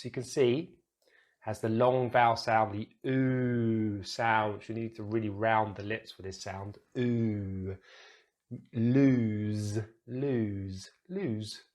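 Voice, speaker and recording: A man with a British English accent teaching pronunciation, saying example words slowly and repeating them with exaggerated sounds into a close microphone. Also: lowish voice.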